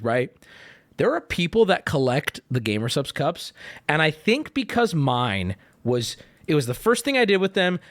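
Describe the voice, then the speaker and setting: A man's voice: a little high, fairly bright tone. A man hosting a livestream, chatting casually with his viewers in a rambling, profane way. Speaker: streamer host.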